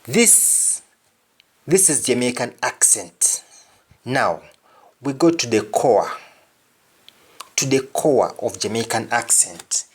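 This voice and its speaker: A man's voice: medium pitch, animated, slow, pauses often, husky. A man hosting a video language lesson, speaking emphatically and repeating example phrases. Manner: emphatic, repetitive example sentences. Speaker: language teacher.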